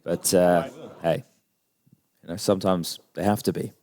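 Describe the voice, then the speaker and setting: A man's voice: sits low, steady tone, unhurried, background noise. A man giving analytical color commentary on an esports match. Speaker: esports caster.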